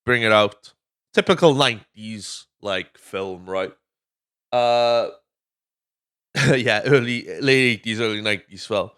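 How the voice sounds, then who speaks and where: A man's voice: medium pitch, takes it slowly, pauses often, a bit bright, smooth. A Welsh man hosting a podcast, chatting casually through a movie recap, swearing freely and drifting off on tangents. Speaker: podcast host.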